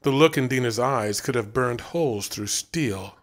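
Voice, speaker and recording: A man narrating a story as an audiobook reader, with a dramatic, expressive delivery. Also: mid-range voice, moderate pace.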